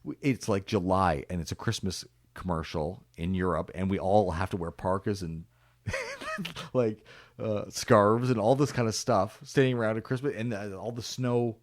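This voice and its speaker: Low-voiced host in his fifties, lively. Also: normal speed, no echo. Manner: chatty, laughs into his stories. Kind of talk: casual interview chat. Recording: dry close mic.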